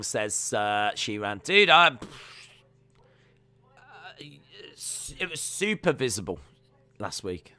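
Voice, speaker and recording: A man's voice: fairly high pitch, big pitch swings, very slow, pauses often, pushed and bright, clear, resonant tone, no echo. A young man hosting a live stream, chatting casually with his viewers and breaking down fights, often trailing off with fillers. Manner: chatty, reads out chat questions, trails off with fillers. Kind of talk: casual watch-along commentary.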